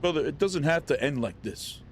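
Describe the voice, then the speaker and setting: An excitable man narrates his game live, teasing the characters he meets. His voice sits a little high, and a faint hiss runs underneath. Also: normal speed. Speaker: streamer. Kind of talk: casual gameplay commentary.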